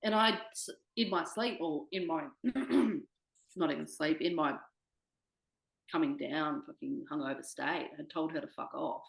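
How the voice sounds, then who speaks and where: A young woman with a low, gravelly voice talks openly in an interview. She swears freely and acts out her own past words. The room around her has an echo. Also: measured pace. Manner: candid, swears freely, quotes herself. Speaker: interview guest. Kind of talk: candid personal conversation.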